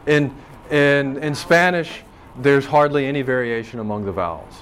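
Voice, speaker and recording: A man's voice: medium pitch, moderate pace, fairly bright tone, slight background noise. A man teaching a linguistics class, explaining dialect differences in a loose, searching way with plenty of ums and restarts. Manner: rambling and thoughtful, with frequent ums and restarts. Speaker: language professor. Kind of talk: classroom lecture.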